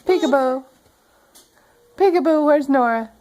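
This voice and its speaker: A mother at home reading a picture book aloud to her toddler, gently coaxing and prompting the child along. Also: high-pitched, unhurried, low-quality recording.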